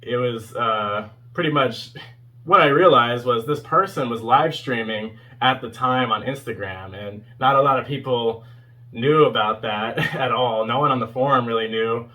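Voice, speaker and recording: Bright-voiced young man rambling casually. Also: mid-range voice, normal speed. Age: 20s. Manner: rambling, heavy with fillers and chuckles. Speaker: fan video host reviewing a concert performance. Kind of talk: casual spoken review.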